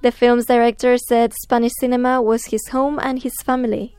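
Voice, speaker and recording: A woman presenter reading scripted news in a measured, even newsreader delivery. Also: a little high, clean tone, dry recording.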